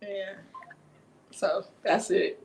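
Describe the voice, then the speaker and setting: A woman's voice: mid-range voice, drawn-out words, creaky. A woman hosting a livestream, telling a story in a casual, profane rant and acting out each voice in it. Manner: animated ranting, profane, acts out every voice in her story. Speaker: livestream host.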